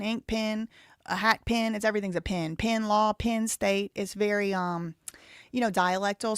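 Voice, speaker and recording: A woman's voice: medium pitch, no echo, studio quality. Chatty Southern woman live-stream host. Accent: Southern American. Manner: chatty, thinks aloud, reads viewer messages. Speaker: live show host reading donations. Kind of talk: casual live-stream commentary.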